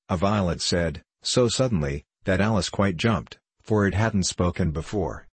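Low husky guy reading a storybook aloud, dry close sound. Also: normal speed, hardly any pauses, no echo. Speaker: narrator.

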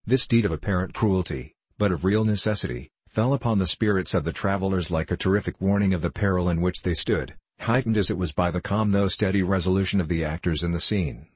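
A man narrating a classic novel in a measured, even reading, recorded close to the mic. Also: low voice, slightly rough, dry recording, rough recording. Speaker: audiobook narrator. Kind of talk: scripted narration.

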